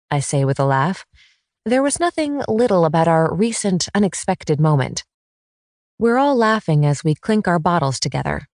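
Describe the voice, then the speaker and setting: Lady reading a romance audiobook, teasing tone, lowish voice, super dry. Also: sing-song, moderate pace, a little mellow, dry recording. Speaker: audiobook narrator. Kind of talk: first-person romance audiobook narration.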